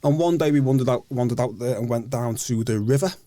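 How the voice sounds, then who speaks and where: A man guest on a podcast, telling a personal story in a halting, earnest way, often repeating words before he finds them. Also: medium pitch, mellow, no echo. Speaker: guest, author. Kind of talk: casual storytelling interview. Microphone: podcast microphone.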